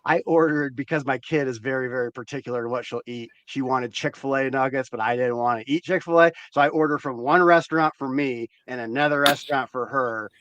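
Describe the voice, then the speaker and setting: A man hosting a casual chat, rambling and joking in an animated way. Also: medium pitch, fairly quick, hardly any pauses, no room sound, dull audio. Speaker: host.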